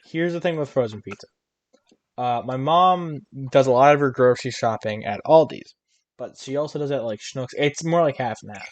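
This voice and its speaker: A man's voice: mid-range voice, brisk, dry recording, muffled recording. Rambling young man, dry close sound. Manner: rambling storyteller with many restarts and fillers. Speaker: podcast co-host. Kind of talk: casual chat.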